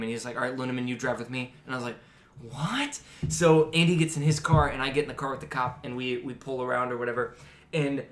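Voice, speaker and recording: A young man chats with his friends on a podcast and spins a long, animated story. He swears freely and acts out the lines of the people in it. His mid-pitched voice echoes around a roomy space. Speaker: podcast host. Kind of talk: casual storytelling among friends. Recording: roomy echo.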